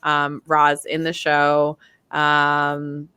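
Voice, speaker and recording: A woman chats casually as a guest, rambling and bubbly with plenty of fillers. Her voice sits a little low but sounds bright and crisp. The sound is dry and close. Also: monotone, very slow, no room sound. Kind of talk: casual fan chat.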